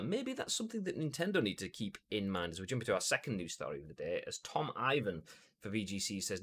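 Lively English man hosting gaming news. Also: lowish voice. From England. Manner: animated, jokey, puts on silly voices. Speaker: gaming news show host. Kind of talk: casual live-stream news chat.

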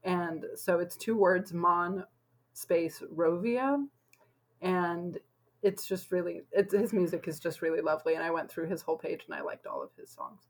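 A woman's voice: lowish voice, normal speed, poor audio. A young woman co-hosting a podcast, chatting casually and filling her talk with lots of "like". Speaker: podcast co-host. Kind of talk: casual chat.

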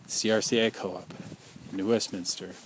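A man's voice: fairly low pitch, flat delivery, a little slow, a little hiss or hum. A man speaking out as a survivor in an impassioned personal monologue, earnest and accusing, piling up repeated rhetorical questions.

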